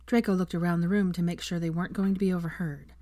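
A fan fiction reader narrating a chapter aloud in a calm, steady way. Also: mid-range voice, quick pace, no room sound. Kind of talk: reading a novel aloud.

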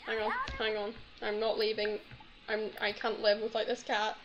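This gaming YouTuber speaks at medium pitch and normal speed in a monotone as she comments on her gameplay. The young woman keeps the chat casual, fawning over a pet in baby talk. Game music plays under slightly dull audio.

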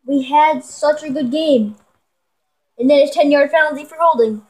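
A woman giving excitable live commentary on a football video game, talking to her viewers and yelling at big plays. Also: sits high, moderate pace, low-quality recording. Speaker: gamer.

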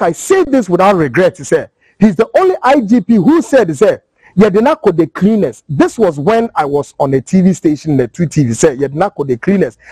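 A man's voice: on the high side, darkish tone, husky, no echo, low-quality recording. A man with a Ghanaian accent giving fiery political commentary, mixing in rhetorical questions. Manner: fiery, switching between English and Twi, rhetorical questions. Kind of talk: impassioned commentary.

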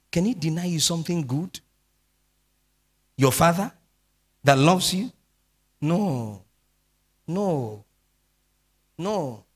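A man preaching a midweek sermon as pastor, swinging between speech and sung, drawn-out phrases. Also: a little high, slightly rough. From Nigeria.

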